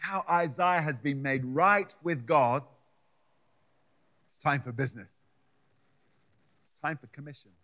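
A man's voice: on the high side, unhurried, long pauses, bright, forceful tone. A man preaching a sermon, building his points with emphatic repeated words. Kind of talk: sermon with scripture reading.

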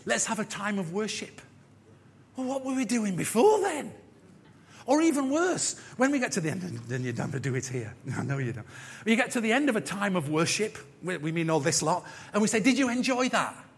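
Animated preacher in a reverberant hall. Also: male voice, high voice, a little fast, husky. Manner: animated, acts out voices, jokey asides. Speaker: pastor. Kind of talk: sermon. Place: church. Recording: church hall with long reverb.

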